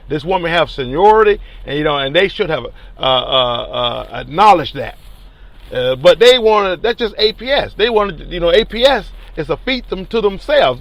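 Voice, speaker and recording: A man, a teachers union leader telling a story in an animated, colloquial and emphatic way. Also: sits high, no echo. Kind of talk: casual spoken storytelling.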